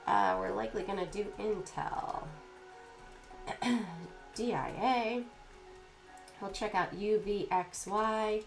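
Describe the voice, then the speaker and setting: A woman with a stuffy, congested voice hosts a relaxed stock market livestream. She talks in an unhurried, chatty way and keeps clearing her throat. Faint music plays in the background. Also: medium pitch. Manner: chatty, walks through her screen setup. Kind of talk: casual livestream talk.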